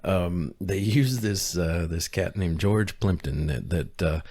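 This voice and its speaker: A middle-aged man with a very deep, low voice chats casually as a podcast co-host. He talks haltingly, restarting sentences and leaning on fillers. The sound is dry and close, with no room around it. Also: a little mellow, no echo. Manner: hesitant, many restarts and fillers. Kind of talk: casual chat.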